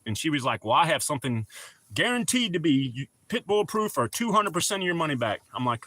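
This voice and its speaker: A middle-aged man hosting a laid-back livestream and chatting to his viewers. His voice sits a little high and sounds bright and forceful. He keeps greeting people by name as he talks. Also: very animated, fairly quick, no room sound. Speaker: livestream host. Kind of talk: casual livestream chat.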